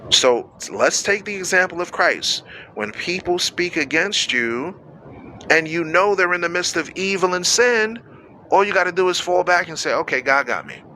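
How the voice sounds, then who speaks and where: A man's voice: high voice, moderate pace, bright, forceful tone, slight background noise. A man preaching on a radio show, reading scripture and explaining it in a casual, slangy way, acting out quoted voices and speaking straight to his listeners.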